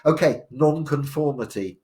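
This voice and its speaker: A man's voice: on the high side, unhurried, a little mellow. Guy in his 60s telling his life story, rambles a lot, lots of ums. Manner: rambling, many fillers and restarts. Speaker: storyteller sharing his memoir. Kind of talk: live personal storytelling.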